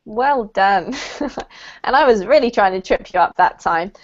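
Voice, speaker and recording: A woman teaching English pronunciation to a group over a video call, clear, deliberate and encouraging. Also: expressive. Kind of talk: online group pronunciation lesson. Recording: muffled low-fidelity video call audio.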